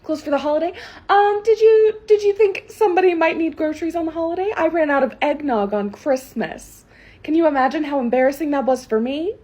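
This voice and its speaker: A woman's voice: sits high, racing, hardly any pauses, warm tone, close to an everyday voice. A young woman playing an entitled, demanding middle-aged woman customer who talks indignantly and stumbles over restarts.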